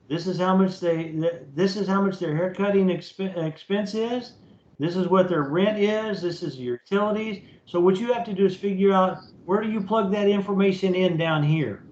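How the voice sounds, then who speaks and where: A high-voiced man teaching an online class as a professor takes students through the material one step at a time, keeping it casual and checking understanding with repeated "okay?"s. Recorded through a computer mic in a video meeting, he sounds roomy and rather dull, lo-fi, with a little hiss or hum.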